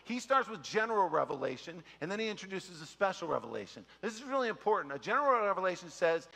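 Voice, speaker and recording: In a conversational sermon full of jokes, a middle-aged pastor speaks with a high, bright yet gravelly male voice, animatedly slipping in quick impressions of people. The sound rings with the long reverb of a church hall.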